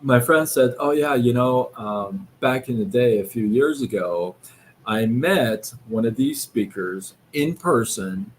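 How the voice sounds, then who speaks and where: A man hosting a live stream, giving a casual motivational talk in a slow, reflective way, with many fillers and restarts. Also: mid-range voice, expressive, slight background noise. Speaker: livestream host. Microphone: live-stream setup.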